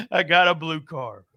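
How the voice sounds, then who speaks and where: High bright-voiced rambling man. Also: dry recording. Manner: rambling, many restarts. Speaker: podcaster. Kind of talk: casual podcast chat.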